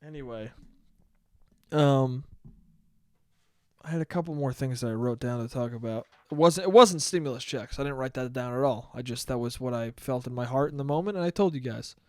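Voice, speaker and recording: An American man in his twenties hosts a casual solo podcast in a brisk, mid-range voice. The studio-quality recording has no echo as he rambles, swears, and laughs at his own jokes.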